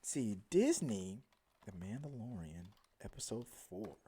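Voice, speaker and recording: Male host, casual live review, lively up-and-down delivery, rambles and mumbles. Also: medium pitch, normal speed. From Houston, Texas area. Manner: rambling, animated, trails off to mumbles. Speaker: show host.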